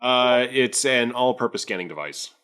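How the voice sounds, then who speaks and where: A man's voice: medium pitch, expressive, moderate pace, fairly bright tone, clear, resonant tone. A man playing his character in a tabletop role-playing game, talking hesitantly with many fillers and restarts. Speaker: player.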